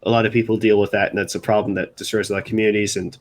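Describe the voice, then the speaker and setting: A man's voice: on the low side, level tone. A young man from Baltimore chatting casually on a live stream, rambling and restarting his sentences. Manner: rambling, halting, many restarts. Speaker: music segment host.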